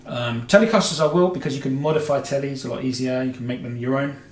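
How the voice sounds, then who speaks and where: A man's voice: mid-range voice, fast talker. Man, guitar show host, rambling casual Q&A, roomy echo, faint music behind. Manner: rambling, heavy with filler "you know"s and self-corrections. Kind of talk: casual Q&A chat.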